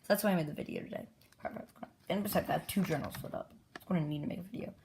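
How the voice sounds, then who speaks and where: A woman excitedly retelling the story of her own comic journal in a rambling, casual way, jumping into brief character voices. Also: on the low side, racing, very noisy.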